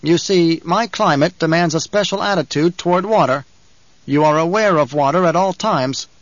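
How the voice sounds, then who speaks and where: A man's voice: on the high side, normal speed, dry recording, muffled recording, voice pushed up, close to an everyday voice. A man voicing a guarded male planetologist in an audiobook, curt and wary. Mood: explaining. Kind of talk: audiobook character reading.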